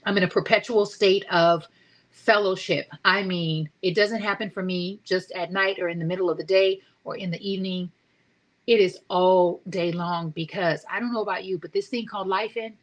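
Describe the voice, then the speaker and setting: A woman in her forties hosting a motivational talk show, speaking with excited energy and asking her listeners rhetorical questions. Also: on the low side, moderate pace, low-quality recording. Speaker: host.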